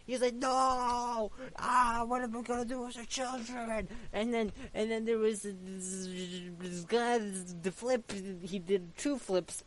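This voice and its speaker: A man telling an improvised, rambling story full of stammering restarts. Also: high voice.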